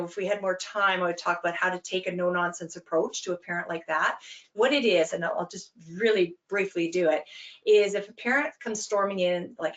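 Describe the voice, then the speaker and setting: A woman giving an earnest, emphatic webinar talk, explaining with quick examples over a video call. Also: lowish voice, fairly bright tone. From Canada. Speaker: webinar speaker, anti-bullying program founder.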